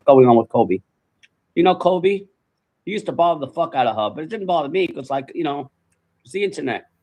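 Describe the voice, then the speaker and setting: A man tells a story in an animated, profane way. He acts out every voice in it, and his voice sits a little high. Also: brisk. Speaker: guest storyteller. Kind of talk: casual anecdote.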